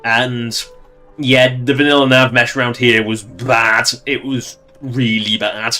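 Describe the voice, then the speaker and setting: A man's voice: mid-range voice, steady tone, slow, pushed and bright, faint music behind. A man casually commenting on a game he plays on a livestream, wry and chatty, laughing at his own jokes.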